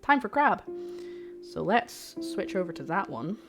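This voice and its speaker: A woman's voice: medium pitch, very animated, unhurried, creaky, music in the background. A woman chatting casually to her livestream chat while cooking, joking and poking fun at herself. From lives in Scotland. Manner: chatty, jokey, self-deprecating, talks to chat.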